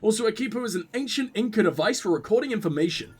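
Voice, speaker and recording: An earnest, curious young man writing letters, read aloud by a man in his own voice. The voice sits high and a bit husky, with an animated rise and fall. It is plain reading with no big character put on. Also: fast. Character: earnest young male novelist's son, curious. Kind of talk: reading a game message aloud.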